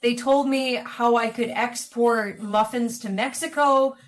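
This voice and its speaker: A woman co-hosting a gaming video, telling stories in an animated, exasperated way. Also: fairly high pitch, unhurried. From Canada. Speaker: co-host, bakery owner. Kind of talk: casual storytelling while gaming.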